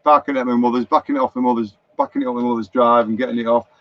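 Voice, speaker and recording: A man's voice: medium pitch, fairly even intonation, very fast. Chatty Lancashire man, dull lo-fi stream. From Lancashire, England. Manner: chatty, anecdotal, reads out viewer comments. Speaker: motorhome vlogger. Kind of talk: rambling live-stream chat. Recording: dull lo-fi live stream, dry.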